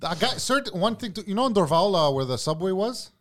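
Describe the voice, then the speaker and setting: Man, podcast co-host, rapid and lively, profane, says bro a lot. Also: high voice. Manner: fast, animated and profane, saying "bro" constantly. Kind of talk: casual chat.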